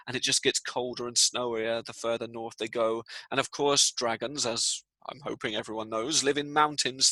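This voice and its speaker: A man telling a story to children in a live lesson, playful and animated, dropping to a hush for the tense parts. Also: medium pitch, no room sound, low-quality recording. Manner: playful, animated storyteller who drops to hushed tones. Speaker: teacher reading out children's comments.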